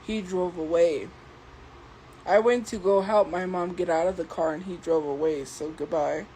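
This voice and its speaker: A woman livestreamer talking slowly and deliberately as she defends herself against commenters in her chat. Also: fairly low pitch, fairly even intonation, warm tone, a little hiss or hum, low-quality recording. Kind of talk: live stream talking to chat.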